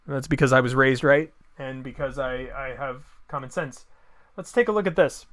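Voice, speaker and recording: A man's voice: mid-range voice, normal speed, fairly bright tone. A man delivering an opinion monologue, combative and sarcastic, firing off rhetorical questions. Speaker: political commentator.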